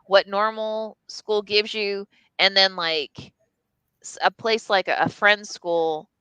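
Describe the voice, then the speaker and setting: Bright, crisp-voiced woman telling a candid story. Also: medium pitch, steady tone, takes it slowly, dry recording, rough recording. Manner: candid and profane, full of "like" and restarts. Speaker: storyteller on a live stream. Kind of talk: casual personal storytelling. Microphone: live stream mic.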